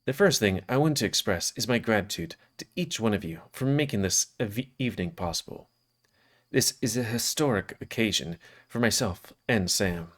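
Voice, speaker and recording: A man's voice: on the low side, a bit bright. A man voicing a burly, cheerful friend who gives a formal, pompous speech in a game reading.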